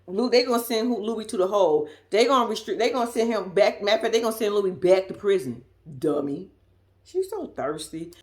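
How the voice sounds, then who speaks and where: A woman's voice: mid-range voice, lively intonation, a little fast. A woman with a Southern US accent giving a blunt, sassy, laughing casual commentary as a vlogger. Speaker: reality TV recap vlogger.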